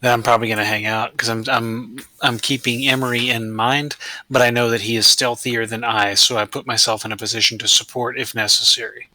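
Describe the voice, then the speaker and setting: A man taking part in a tabletop game, talking tentatively. His delivery is very flat, his tone strikingly sharp and bright, and the sound is dry and close. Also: mid-range voice, a little fast, dry recording, low-quality recording. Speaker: player.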